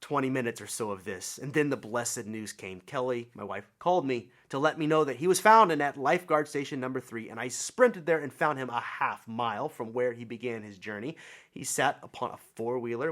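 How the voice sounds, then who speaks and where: Middle-aged guy preaching, storytelling sermon, gets loud then goes real quiet. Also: mid-range voice. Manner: reflective storytelling, swells then drops to near whispers. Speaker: pastor.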